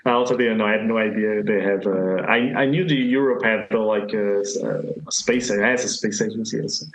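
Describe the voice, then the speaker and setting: A man's voice: fairly low pitch, moderate pace, reverberant, slight background noise, poor audio. A Portuguese man, a guest on a podcast, speaking English with a Portuguese accent in a hesitant, hedging way with many fillers. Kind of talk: casual chat.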